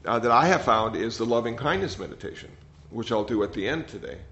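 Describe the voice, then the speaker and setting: An older man, a meditation teacher, giving a gentle, rambling dharma talk that often repeats words. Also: mid-range voice, expressive, quick pace. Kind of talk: dharma talk with audience questions. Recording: slightly dull sound, faint noise.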